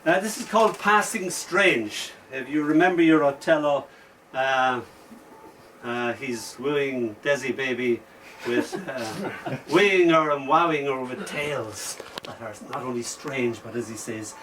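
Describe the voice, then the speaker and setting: A man's voice: mid-range voice, unhurried, a bit bright. An Irish man telling humorous stories and reading his poetry at an open mic night, chuckling between lines. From Ireland. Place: bookshop event, indoors. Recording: distant mic, faint room noise.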